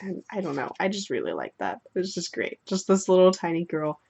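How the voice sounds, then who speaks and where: A woman's voice: fairly low pitch, a little fast, gravelly. A young woman answering follower questions in casual chat, playful and swearing freely as she tells stories. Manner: playful, swearing, animated storytelling. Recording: dull lo-fi sound.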